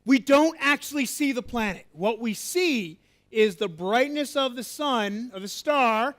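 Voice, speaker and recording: Very high-voiced man lecturing. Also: unhurried. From USA. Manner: lively, coaxing, asks the audience questions. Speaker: astronomy professor giving a public lecture. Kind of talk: interactive science lecture with audience volunteers.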